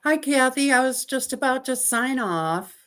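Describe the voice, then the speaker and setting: A woman's voice: high voice, expressive, unhurried, fairly bright tone. A woman hosting a casual quilting livestream from her home sewing room, chatting with viewers about their comments and talking to her dog.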